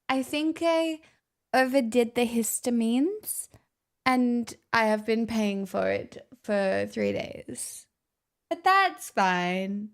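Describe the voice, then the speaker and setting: Tired, slow-talking woman streamer. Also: a little high. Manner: rambling, playful, self-mocking. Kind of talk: casual chat with stream viewers.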